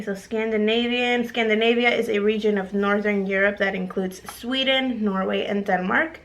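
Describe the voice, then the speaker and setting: A woman's voice: medium pitch, a bit bright. A young woman from the United States vlogging casually, reading out her results and lists of countries in a chatty way. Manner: chatty, reads out lists of countries, laughs easily. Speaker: YouTuber.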